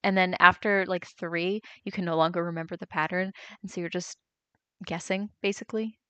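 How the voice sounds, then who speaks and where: A woman's voice: on the low side, steady tone, a little fast, bright, forceful tone, smooth, no room sound, lo-fi sound. Chatty young woman streamer. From United States. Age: young adult. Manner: chatty, reads chat aloud and reacts with laughs. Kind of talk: casual live-stream chat.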